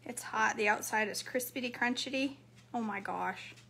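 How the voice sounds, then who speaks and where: Chatty woman doing a cooking vlog, higher bright voice, talks back to commenters as she eats. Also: moderate pace, vocal fry, slightly rough. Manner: chatty, talks to viewers while eating. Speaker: cooking vlogger. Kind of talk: casual cooking vlog chat.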